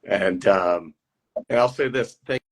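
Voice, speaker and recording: A man being interviewed as a guest actor over a video call, telling rambling, animated stories in a casual chat and laughing easily. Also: fairly low pitch, takes it slowly.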